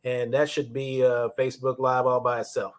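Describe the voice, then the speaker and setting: A man's voice: mid-range voice, little pitch movement, moderate pace. A man in his fifties hosting a casual leadership livestream from a phone or webcam, chatting and greeting viewers by name.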